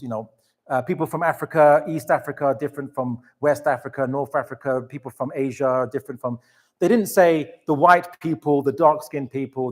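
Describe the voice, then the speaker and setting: Male lecturer, lightly raised pitch, chatty and animated, lots of asides. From England. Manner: animated, chatty storytelling with many restarts and asides. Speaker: Islamic lecturer. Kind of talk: lecture to a live audience.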